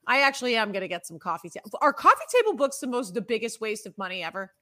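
A woman hosting a casual sports podcast, chatty and animated as she tells stories. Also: on the high side, fast talker. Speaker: podcast host.

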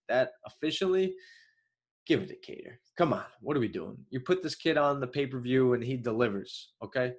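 With a slightly high voice and a nasal, choppy Long Island accent, a young man runs solo commentary on fight results for his MMA show. He rambles loosely, uses lots of fillers, and keeps bursting out in sudden excitement.

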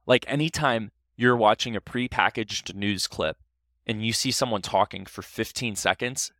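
A young man from Ohio, a podcast guest, telling a story in casual, animated talk full of restarts. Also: lowish voice, moderate pace, dry recording, clean studio sound.

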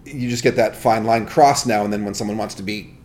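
Man, podcast host, casual rambling chat, quick talker. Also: fairly low pitch, fairly even intonation, a little mellow. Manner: rambling, restarts often, loses his train of thought.

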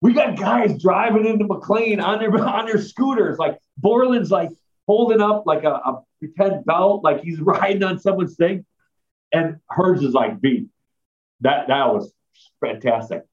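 A man's voice: high voice, expressive, measured pace. A man, a former strength coach, rambling through anecdotes in a casual chat with lots of fillers. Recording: dull lo-fi sound.

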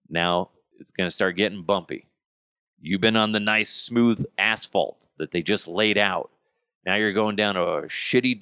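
A man in his thirties hosting a casual solo podcast from his basement, talking in an animated, joking and profane way. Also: sits low, no room sound, studio quality. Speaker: podcast host. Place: home basement.

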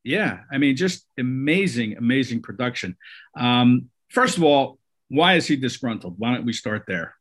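A man's voice: medium pitch, lively intonation, normal speed, a bit bright. A man hosting a casual sports talk show, conversational, with many fillers and restarts. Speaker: sports podcast host.

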